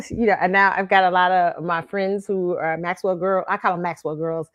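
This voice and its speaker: A woman's voice: lowish voice, steady tone, normal speed, no echo. A woman hosting her own show in casual chat, talking chattily and laughing often between phrases. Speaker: host.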